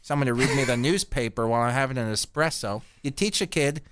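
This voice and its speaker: A middle-aged man from Canada hosting a podcast, telling rambling stories in a crude, deadpan comic way. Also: medium pitch, fast talker, clear, resonant tone, no room sound. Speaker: podcast host. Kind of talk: casual profane storytelling.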